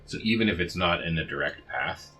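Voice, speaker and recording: A man's voice: low-pitched, brisk, pushed and bright, breathy edge, faint music behind. A man playing a tabletop game, eager and a little stammering. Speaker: player.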